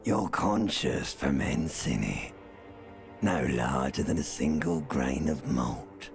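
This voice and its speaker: An actor voicing an ancient reptilian brain in a video game, slow, lulling and intimate, gravelly male voice. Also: very deep voice, animated, heavily acted. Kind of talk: game voice acting. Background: faint game music.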